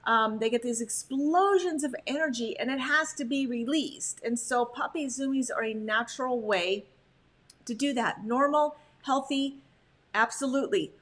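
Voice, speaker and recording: Brief: middle-aged woman trainer presenting a webinar, lively, pitched a bit high. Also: normal speed. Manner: animated, acts out quoted owners and dogs. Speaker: dog trainer.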